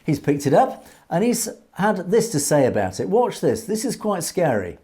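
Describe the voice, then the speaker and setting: A man commentating on a video in measured, earnest political commentary, with light hesitations. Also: fairly high pitch, huge pitch swings, warm tone. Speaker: online news commentator.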